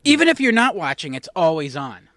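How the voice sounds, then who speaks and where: Male podcast co-host, slightly higher voice, dry and teasing in casual chat. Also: big pitch swings, a little fast, fairly bright tone, dry recording.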